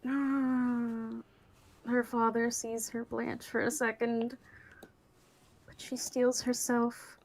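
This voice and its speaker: A woman's voice: on the high side, flat delivery, takes it slowly, rough recording. A woman narrating her character's actions as a player in a tabletop game, hesitant and laughing. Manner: hesitant, many fillers, laughs.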